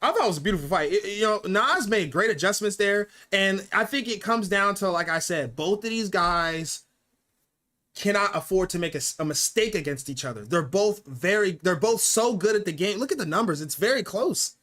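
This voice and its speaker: A man hosting an esports fight show, giving excitable post-fight commentary with brash, repetitive trash talk. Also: high-pitched, moderate pace.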